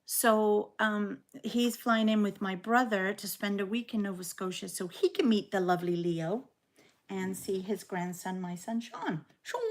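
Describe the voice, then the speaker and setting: A woman in her sixties with a Canadian accent chats at an unhurried pace, rambling and poking fun at herself. Her talk is easygoing and casual, with a faint noise underneath. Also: medium pitch, a little mellow. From England. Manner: chatty, rambling, self-deprecating. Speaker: quilting vlogger. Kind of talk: casual sew-along chat.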